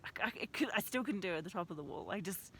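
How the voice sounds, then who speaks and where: A woman's voice: medium pitch, expressive, very fast, bright, forceful tone, slight background noise. A young woman talking casually and reflectively outdoors on a mountain trail, laughing often at herself. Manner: chatty, laughs often, self-deprecating. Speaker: vlogger.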